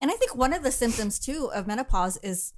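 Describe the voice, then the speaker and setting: A woman's voice: on the high side, sing-song, fairly quick. A woman co-host asking personal questions in an uncertain, filler-heavy way. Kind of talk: casual chat.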